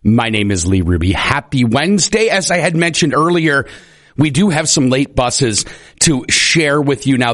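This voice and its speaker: A man's voice: medium pitch, dry recording, clean studio sound. Upbeat morning radio host man. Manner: upbeat, chatty. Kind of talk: morning radio show chat.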